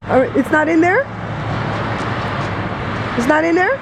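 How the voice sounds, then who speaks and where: A woman's voice: extremely high pitch, animated, a little slow, heavy background noise. A woman in her forties, chatting straight to her viewers as she films a vlog on a phone. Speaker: vlogger. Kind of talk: casual vlog narration.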